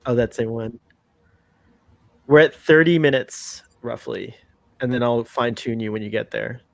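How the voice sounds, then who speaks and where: A man's voice: mid-range voice, moderate pace, creaky. A man co-hosting a casual fan commentary, playful and chatty, often laughing at what he sees. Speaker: podcast co-host.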